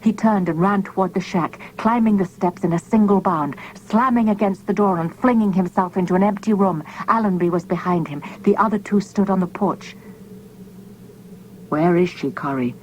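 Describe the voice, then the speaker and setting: A woman narrating an audiobook in a measured, dramatic storytelling manner. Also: mid-range voice, a little hiss or hum, poor audio. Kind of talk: scripted narration.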